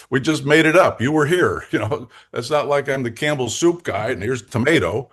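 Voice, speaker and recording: An older man telling lively, jokey stories as a guest coach in an interview, laughing between lines. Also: mid-range voice, normal speed, hardly any pauses, breathy edge. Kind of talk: anecdotal storytelling in a podcast interview.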